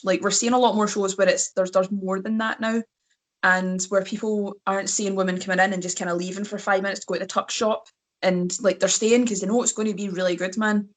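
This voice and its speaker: A woman with a Scottish accent, a wrestler talking as a guest in casual chat, slightly hoarse and laughing often between fillers. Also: mid-range voice.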